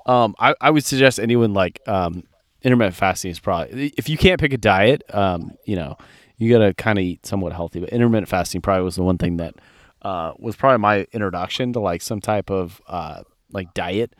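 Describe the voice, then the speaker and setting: A man's voice: fairly low pitch, a little fast, no echo, clean studio sound. Profane, laughing male podcast co-host. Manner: blunt, profane, laughs often, acts out quoted people. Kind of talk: casual chat.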